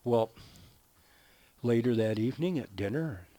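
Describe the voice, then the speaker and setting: A man hosting a gameplay video, chatting casually in a slow, folksy, drawling way and telling a joke as he builds. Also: mid-range voice, animated, mellow, no room sound. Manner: slow, folksy, drawling storyteller who chuckles at his own jokes. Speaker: gaming video host. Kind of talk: relaxed gameplay commentary with a told joke.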